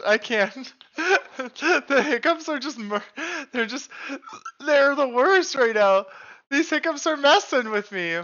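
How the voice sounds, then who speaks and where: A woman with a fairly high voice chats with her viewers as she plays a game live, taking her time over every word. She reacts aloud, reads on-screen text and swears casually. The stream audio sounds a little dull and lo-fi. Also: animated, slow pace, long pauses, sharp tone.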